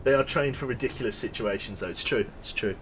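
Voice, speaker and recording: A young man casually commentating his gameplay on a livestream, chatty and quick to launch into an animated story. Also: medium pitch, a little hiss or hum. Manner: chatty, animated storyteller who thanks subscribers. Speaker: streamer.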